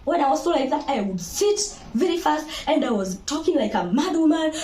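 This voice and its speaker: A young woman with a Kenyan accent tells her own story in casual chat, lively and laughing, now and then breaking into Swahili. Her voice sits fairly high. The room around her is echoey, with a faint background hiss. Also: a little fast. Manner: animated, laughing, mixes Swahili into English. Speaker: vlogger telling her birth story.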